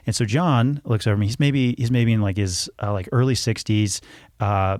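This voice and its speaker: A man's voice: on the low side, fairly even intonation, moderate pace, darkish tone, no room sound, studio quality. A man in his thirties, a podcast guest telling a casual story with lots of restarts and self-corrections. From United States.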